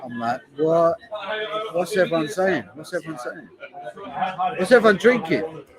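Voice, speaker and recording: A man with a London accent chats on a live stream, reading out chat messages and repeating his own lines as he goes. His voice sits slightly high for a man. Loud bar chatter fills the background. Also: animated, moderate pace, rough recording. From Hertfordshire, England. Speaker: beer vlogger streaming live. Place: busy bar taproom. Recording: loud bar crowd behind voice. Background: crowd chatter in a bar.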